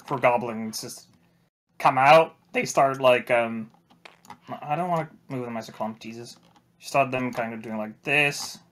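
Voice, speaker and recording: A man narrating as game master of a tabletop game, halting and full of restarts. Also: medium pitch, fairly bright tone.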